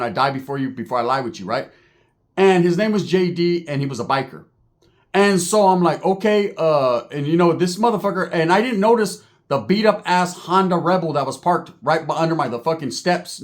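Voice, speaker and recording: A man telling a comic story from his own life, swearing freely and checking in with his listeners after nearly every line. His voice sits a little higher than most men's. He talks in a loose, streetwise way. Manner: profane, streetwise, keeps asking "right?".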